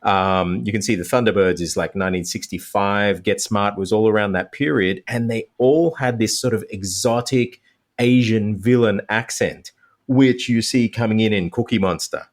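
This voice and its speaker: Animated low-voiced man explaining. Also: moderate pace. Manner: animated, explanatory, laughs easily. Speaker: language teacher, podcast guest. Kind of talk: conversational explanation.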